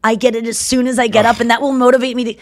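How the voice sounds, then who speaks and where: A woman's voice: on the high side, little pitch movement, rapid-fire, no echo, clean studio sound. A woman co-hosting a podcast in casual chat, talking in a chatty, rambling way with lots of filler words. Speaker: podcast co-host.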